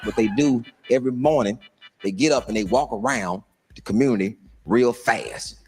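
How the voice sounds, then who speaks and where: A man telling a funny story in a lively way, acting out the people in it. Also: medium pitch, moderate pace, background noise. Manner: animated, acts out the other people in his story. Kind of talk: comedic storytelling.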